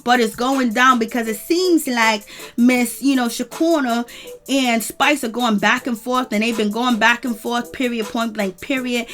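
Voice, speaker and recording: A woman talks through a reality TV recap in a loose, opinionated gossip style, filling her talk with casual asides. Her voice sits a little high, and faint music plays quietly under her. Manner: chatty, opinionated, many "you know" fillers.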